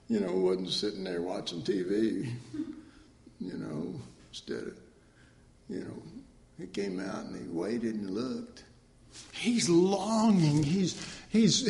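A man's voice: high voice, gravelly, fairly bright tone, roomy sound. A man preaching an informal sermon in a conversational, joking way, correcting himself as he goes and acting out mock quotes.

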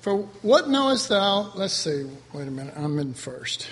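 A man preaching a sermon in an animated way, swinging between loud emphasis and soft low asides, acting out voices from the texts. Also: normal speed. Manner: acts out voices of figures in the texts.

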